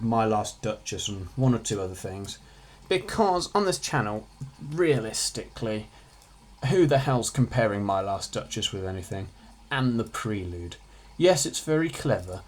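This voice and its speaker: A teenage boy, giving a casual, offhand revision lesson with jokey asides. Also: fairly low pitch. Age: teens. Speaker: student revising on his channel.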